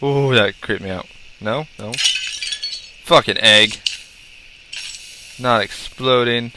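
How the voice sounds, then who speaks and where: A man's voice: medium pitch, slow pace, background noise. A young man casually commenting on a game he is playing, talking to himself, swearing and yelping when startled. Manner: jumpy, swears, talks to himself, hums and yelps. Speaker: gameplay commentator. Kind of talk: casual let's-play commentary.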